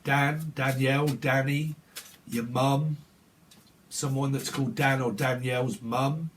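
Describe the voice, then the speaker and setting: A man's voice: medium pitch, steady tone, slow, a little hiss or hum. Rambling man giving a reading. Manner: rambling, laughs between lines. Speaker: tarot reader. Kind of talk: casual psychic reading.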